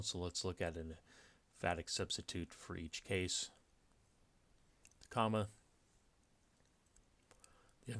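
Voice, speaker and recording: A man giving a step-by-step lecture on punctuation from slides, with frequent fillers and restarts. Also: sits low. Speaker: writing teacher. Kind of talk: slide-based grammar lecture.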